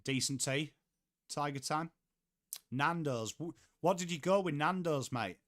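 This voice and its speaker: A young Englishman hosts a live football watchalong, with a fairly high voice for a man. He chats loosely, curses casually and greets viewers by name between bits of play-by-play. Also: a little slow, fairly bright tone. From England. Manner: chatty, swears casually, reads out viewer chat. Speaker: livestream host.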